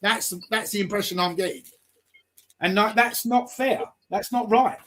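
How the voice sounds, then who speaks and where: Like a relentless, confrontational live-stream host, a man with a high, slightly bright voice presses his argument hard at a moderate pace. He swears freely and piles rhetorical question upon rhetorical question.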